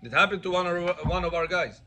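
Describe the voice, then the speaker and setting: A man's voice: sits high, a little fast, pushed and bright, a little hiss or hum. A man teaching a class as a rabbi, telling stories and acting out the dialogue with animation. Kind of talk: storytelling Torah class.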